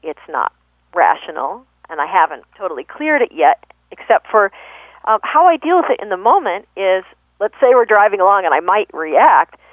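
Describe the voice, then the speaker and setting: A woman guest explaining communication in a thoughtful, conversational way, pausing often with fillers and self-corrections. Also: medium pitch, very animated, no echo. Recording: tinny phone-line radio audio.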